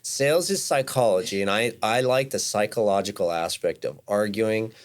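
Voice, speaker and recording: A man co-hosting a podcast in casual talk, halting and stumbling over his words, joking around. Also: on the low side. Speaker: podcast co-host. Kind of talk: casual interview chat.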